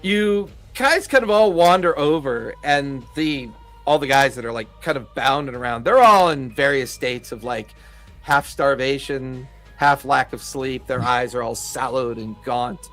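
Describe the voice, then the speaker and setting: A man narrating a tabletop horror game as game master, slow and halting with fillers, over faint background music. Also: medium pitch, a bit bright.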